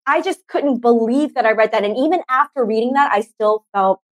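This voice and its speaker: A woman's voice: fairly high pitch, brisk. A woman hosting a podcast, talking earnestly and reflectively in casual conversation. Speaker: podcast host. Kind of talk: casual chat.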